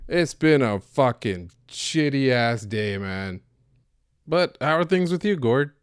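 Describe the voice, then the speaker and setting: Man voicing a profane Canadian guy, Canadian accent, griping and rambling; crisp, close-miked. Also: medium pitch, lively intonation, slow pace, no room sound. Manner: profane, rambling, slangy storytelling. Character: foul-mouthed Canadian man, scammed and griping.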